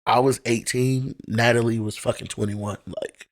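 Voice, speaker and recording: A young adult man, a poet and teacher, appears as a guest on a podcast, his mid-range voice steady and at normal speed. In a casual conversation, he shares personal stories candidly and with feeling, with some casual profanity.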